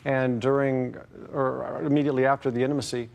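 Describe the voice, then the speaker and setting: A man who is a litigant on a courtroom show testifies at length, hesitant and wordy, repeating stock phrases. His mid-range voice is level and creaky, a little fast, with a noisy background.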